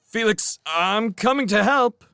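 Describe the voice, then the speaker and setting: A man voicing a male comrade who calls out loudly in a raised voice. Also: high-pitched, animated, measured pace, gravelly, smooth, no echo, clean studio sound, pitched above the performer's own voice, full character voice. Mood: calling. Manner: calling loudly. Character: male comrade calling out from afar.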